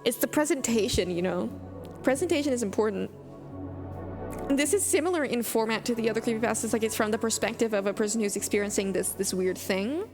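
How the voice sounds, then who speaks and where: A woman's voice: on the high side, fast talker, in a large hall, over music. A woman streamer reading horror stories aloud on a live stream, breaking off into chatty, rambling asides full of "like".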